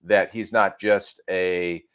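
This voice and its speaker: A man co-hosting a podcast, giving measured analysis with self-deprecating humor. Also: sits low, steady tone, fairly bright tone, clear, resonant tone. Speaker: podcast co-host and draft analyst. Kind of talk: casual podcast chat.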